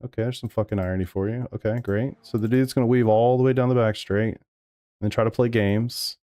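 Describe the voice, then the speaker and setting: A man's voice: lowish voice, fairly even intonation, a little fast, warm tone, dry recording, studio quality. A man streaming sim racing live, talking over race replays and arguing back at his chat with plenty of swearing. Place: home sim racing room.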